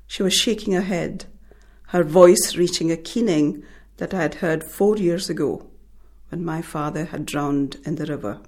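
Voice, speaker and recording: A woman from India, an author, talking about her short story and then reading it in a measured, thoughtful way. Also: deep voice, darkish tone.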